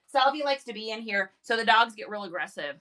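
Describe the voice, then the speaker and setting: A woman hosting a casual live stream, bubbly and excitable, talking into a phone. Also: a little fast. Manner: bubbly, excitable, high-energy. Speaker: live-stream reseller host.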